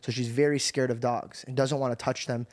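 A man hosting a podcast, hyper and rambling as he tells stories, jumping up in pitch when he quotes people. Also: flat delivery, fairly quick, darkish tone. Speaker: podcast host. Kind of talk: casual chat.

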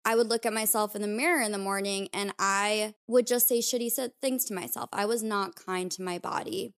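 A woman's voice: mid-range voice, fairly bright tone, clear, resonant tone. A woman hosting a podcast, talking candidly and confessionally about her own life in a casual, reflective way. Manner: candid, confessional, uses filler "like". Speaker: podcast host. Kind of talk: personal reflective podcast talk.

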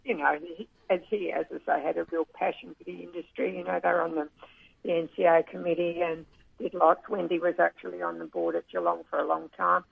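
Interviewed over the phone, a woman who manages a racing club speaks fondly but with many hesitations and restarts. Her low, gravelly, slightly rough voice is brisk with little pitch movement. The recording is dry and tinny over the telephone line.

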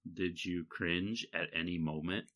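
A man's voice: sits low, fairly even intonation, measured pace, fairly bright tone. A man from Michigan co-hosting a podcast, chatting casually in a rambling way with fillers and laughs. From Michigan, USA. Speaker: podcast co-host. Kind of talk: casual chat.

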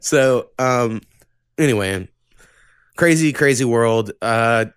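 A young man hosting a casual podcast, talking loosely and profanely with plenty of ums and restarts. His voice sits at an ordinary mid pitch, recorded close and dry with no room sound. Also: slow, clear, resonant tone, dry recording. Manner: loose, profane, rambling with many fillers. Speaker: podcast host. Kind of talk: casual chat.

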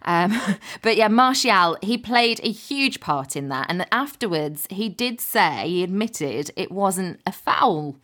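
A woman's voice: mid-range voice, animated, takes it slowly, few pauses, fairly bright tone. A woman co-presenting a podcast, giving her opinions in a thoughtful, chatty way. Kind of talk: casual chat.

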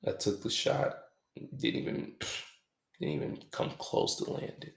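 A man hosting a podcast, talking in a halting, reflective, casual way with some swearing. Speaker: podcast host. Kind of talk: confessional podcast monologue. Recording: echoey room.

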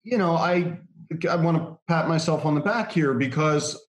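A man casually telling a long anecdote, animated, laughing often and acting out what others said. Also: a little high, moderate pace, echoey room. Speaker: guest telling a story.

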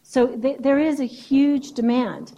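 A woman's voice: high-pitched, slow, mellow, low-quality recording. A woman therapist giving a keynote speech in a conversational lecturing way, often checking in with "right?".

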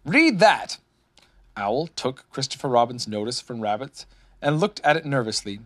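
A man narrating a children's storybook in a lively, expressive way, voicing many characters. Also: medium pitch, moderate pace. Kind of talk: storybook reading.

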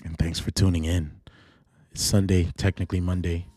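A man hosting a late-night solo faith podcast, preaching earnestly and shifting between fervent and quiet, intimate delivery. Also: low voice, flat delivery, normal speed, no room sound, clean studio sound. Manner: earnest preaching, gets worked up then goes quiet and intimate. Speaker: podcast host.

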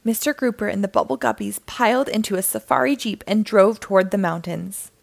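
A woman reading a children's picture book aloud in an animated, sing-song way. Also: mid-range voice, brisk, creaky. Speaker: storyteller.

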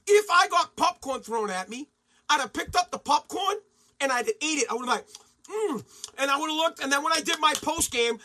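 A man hosting a profane, mocking sports rant, sometimes shouting and mimicking others. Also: very high-pitched, lively intonation, a little fast. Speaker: sports commentary host. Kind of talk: ranting sports commentary.

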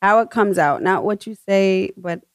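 A woman's voice: mid-range voice, moderate pace, dry recording, poor audio. A woman co-hosting a casual podcast, giving brief, agreeable answers with some hesitant fillers. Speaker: podcast co-host.

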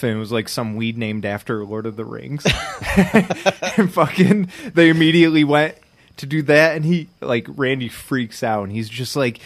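A man's voice: medium pitch, moderate pace, no echo. Laid-back man in casual chat. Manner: profane, laughing, acts out quotes. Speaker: podcast co-host.

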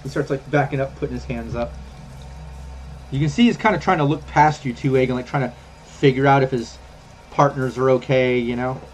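A man's voice: mid-range voice, brisk, faint music behind. Rambling male game master. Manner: relaxed, rambling, many fillers and restarts. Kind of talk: narrating a tabletop game.

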